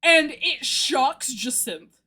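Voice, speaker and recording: A young woman streamer recapping a story in casual chat, gushing and laughing as she goes. Her voice sits high and bright, with big lively swings in pitch. She takes an unhurried pace. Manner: excitable, gushing, laughs and squeals often.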